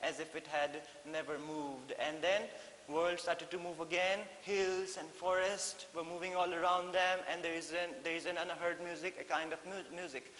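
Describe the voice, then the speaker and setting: Animated Indian English teacher, echoey room. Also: male voice, on the high side, moderate pace. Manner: animated, mixes in Hindi, many fillers and repeats. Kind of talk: classroom lesson explaining a story. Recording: echoey room with faint hiss.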